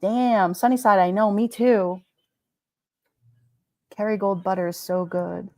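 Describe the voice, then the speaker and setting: A woman hosting a casual livestream, reading viewer comments aloud and chatting about them in an animated way, laughing often. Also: mid-range voice, a little slow, no echo. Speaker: livestream host.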